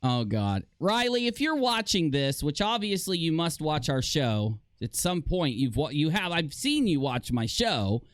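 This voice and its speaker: A male live streamer riffing to his chat in a loose, sarcastic way, often laughing at himself. His pitch swings widely and sits a bit high for a man. The sound is close and dry, with little room around it. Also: big pitch swings, unhurried, hardly any pauses, dry recording. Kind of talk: casual live-stream commentary.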